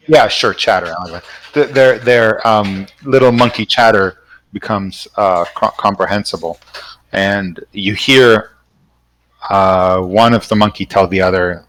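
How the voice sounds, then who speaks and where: A man narrating a tabletop game as game master, halting and stumbling through his descriptions. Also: on the low side, a bit bright. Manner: halting, full of fillers and restarts.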